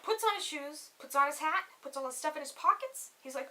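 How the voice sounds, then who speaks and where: A young woman telling a funny personal story for a comedy vlog, animated and full of swearing, acting out each quote. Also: high voice, a little fast. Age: young adult. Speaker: comedy YouTuber. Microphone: camera mic.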